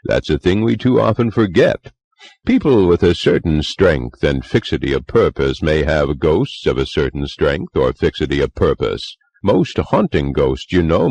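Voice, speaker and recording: A man's voice: sits low, gravelly, darkish tone, husky, no room sound, pitched above the performer's own voice, full character voice. A man reading a story voices a middle-aged clubman who earnestly and wryly tells of a ghost he met. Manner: musing, confiding, wry. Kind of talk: audiobook character reading.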